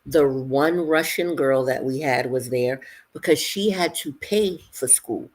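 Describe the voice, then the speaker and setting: A woman in casual chat who tells lively stories, acts out what others said, and laughs often. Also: very deep voice, measured pace. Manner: animated storyteller, acts out quotes, laughs often.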